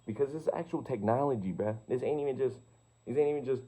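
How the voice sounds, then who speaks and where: A man's voice: mid-range voice, fast, dark tone. A young man talking in a loose, slangy, profane monologue, firing off rhetorical questions and checking in with "you feel me". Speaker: vlogger. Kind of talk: casual rambling monologue. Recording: slightly muffled lo-fi recording.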